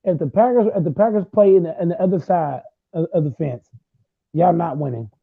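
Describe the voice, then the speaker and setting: A man in his late twenties arguing football in a heated casual chat, loud and repetitive, trash-talking. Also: fairly high pitch, fairly quick, gravelly, husky, dry recording. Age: late 20s. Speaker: host. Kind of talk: heated casual sports argument. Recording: tinny phone-like sound.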